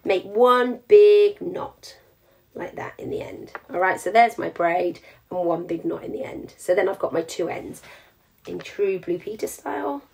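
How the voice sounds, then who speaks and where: A woman's voice: medium pitch, lively intonation, measured pace, creaky, a little mellow. A woman talks viewers through a craft live. Her delivery is chatty and practical, and she explains each step as she works. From England. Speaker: jewellery teacher.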